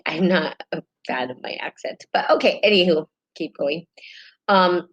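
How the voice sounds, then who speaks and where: A woman's voice: fairly low pitch, lo-fi sound. A woman from New Mexico with a New Mexican accent, hosting a casual spiritual live stream, reading from a book and greeting viewers mid-sentence with lots of ums.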